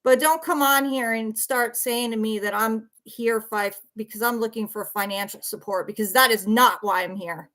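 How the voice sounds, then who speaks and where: Brief: tired woman, fairly high voice, defensive livestream rant, blunt, curses. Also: normal speed, hardly any pauses, fairly bright tone. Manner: defensive, blunt, swears, repeats herself. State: worn out.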